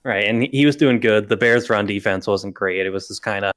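A young man with a fairly low voice co-hosts a casual sports podcast. He talks in a laid-back, dry way and lets his sentences fade out quietly. The sound is close and dry. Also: fairly even intonation, brisk, few pauses, no echo. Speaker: podcast co-host.

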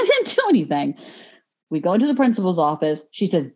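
Fairly quick and lowish in pitch, a woman tells a story bluntly during an easygoing podcast conversation. She swears a lot and laughs through the telling, and the recording sounds muffled and lo-fi.

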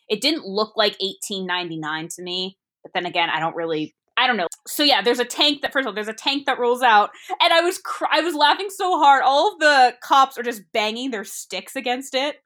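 Bright chatty woman reviewing a movie. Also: on the high side. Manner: chatty, rambling, quick asides. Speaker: podcast co-host. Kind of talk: casual movie review chat.

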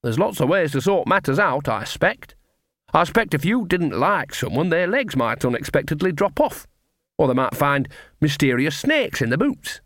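A man's voice: a little high, sing-song, normal speed, a bit bright, no echo, studio quality, voice pushed up, heavily acted. A man reading an audiobook voices a chatty, soothing older witch with a quavering delivery. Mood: suggestive. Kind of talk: audiobook character voice.

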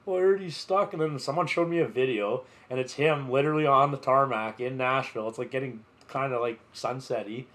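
A man's voice: medium pitch, steady tone, a little fast, hardly any pauses, fairly bright tone. A man co-hosting a casual podcast, spinning a rambling festival story. He keeps stumbling over "like" and "uh" and swears freely. His voice sits in the ordinary middle range. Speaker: podcast co-host. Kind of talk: casual chat.

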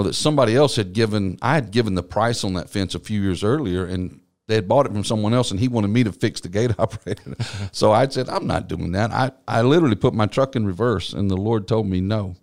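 A man with a very low voice tells his personal testimony in an interview. His storytelling is earnest and reflective. He speaks as someone who serves on a church staff. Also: darkish tone. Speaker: church business administrator.

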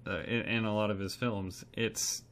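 A man's voice: lowish voice, fairly even intonation, moderate pace, a bit bright. A man co-hosting a casual film podcast, blunt and joking, with some swearing. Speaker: podcast co-host.

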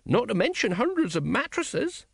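A male narrator performs a full character voice, pitched above his own, for a pompous middle-aged man who appoints himself an authority on royalty and lectures ponderously and knowingly about kings. The delivery is very high-pitched, creaky and breathy-edged, with big pitch swings at a normal speed. The sound is studio quality, with no room sound.

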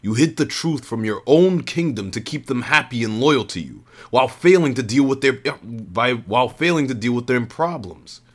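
A man's voice: mid-range voice, animated, moderate pace, hardly any pauses, voice pushed up, lightly acted. A man voicing a scornful male villain. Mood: accusing, angry. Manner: scornful, accusing. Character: cold, contemptuous male villain judging rulers.

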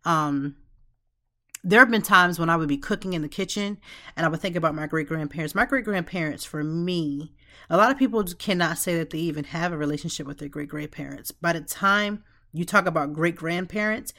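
A woman's voice: sits low, a bit bright. A middle-aged woman hosting a podcast from her home office, talking in a heartfelt, conversational way. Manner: heartfelt, conversational, with frequent "like" and "you know". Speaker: podcast host. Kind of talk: reflective podcast monologue.

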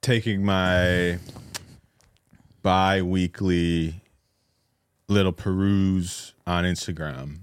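A man's voice: sits low, fairly even intonation, very slow, pauses often, smooth. A man hosting a casual podcast, telling stories in a dry, laid-back way. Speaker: podcast host. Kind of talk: casual chat.

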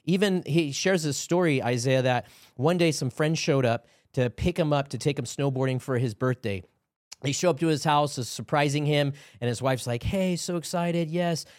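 A man's voice: mid-range voice, normal speed, no room sound, clean studio sound. A man who is a podcast guest, telling a personal faith story in an earnest way and building into preaching. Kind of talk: testimony and exhortation.

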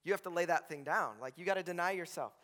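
Male pastor, high, sharp voice, chatty sermon delivery, reverberant sanctuary. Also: quick pace. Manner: conversational and joking, constantly checks in with "right?". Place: church sanctuary with a congregation. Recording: long reverb from a large hall.

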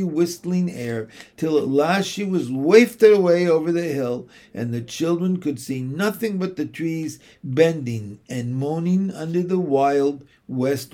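A man narrating a children's classic as an audiobook, measured and expressive. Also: a little high.

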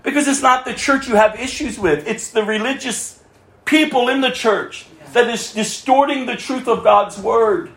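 A male pastor with a high voice delivers an impassioned sermon. He swings from loud, emphatic lines down to quiet, hushed asides. The sound carries a roomy echo. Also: normal speed.

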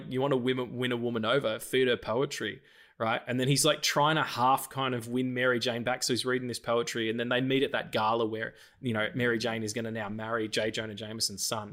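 A man co-hosting a podcast, chatting casually and animatedly with frequent swearing. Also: medium pitch. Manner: animated, sweary, quotes lines from films. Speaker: podcast co-host. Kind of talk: casual chat.

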